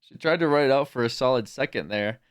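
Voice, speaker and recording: Streaming from home, a man talks casually with his chat, cursing freely and laughing often, then softens to a hushed coo to call his cat. He speaks fast in a clear, resonant, mid-range voice.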